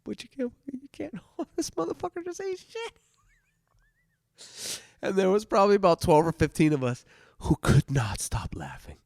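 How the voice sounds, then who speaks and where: Profane animated male storyteller. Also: high voice, moderate pace, creaky, long pauses, no echo. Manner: profane, animated, swings from loud to hushed. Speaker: podcast host telling stories. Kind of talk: casual storytelling monologue.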